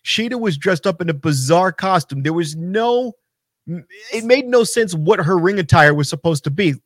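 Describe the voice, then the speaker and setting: Man, high voice, animated profane ranter, casual podcast co-host, dry mic. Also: moderate pace, dry recording. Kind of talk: casual wrestling talk.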